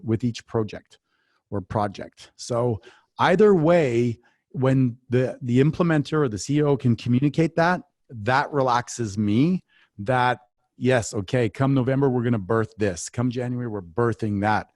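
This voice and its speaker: A man's voice: medium pitch, a little slow, no room sound. Dry-sounding man speaking with drive. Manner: energetic, animated storyteller. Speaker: business coach and guest. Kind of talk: conversational interview answers.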